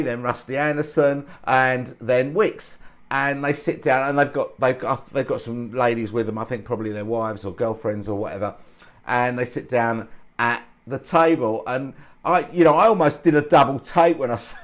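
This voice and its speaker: A man, the host of the channel, telling an anecdote in a chatty, chuckling, self-deprecating way. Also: mid-range voice. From England. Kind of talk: casual anecdotal storytelling.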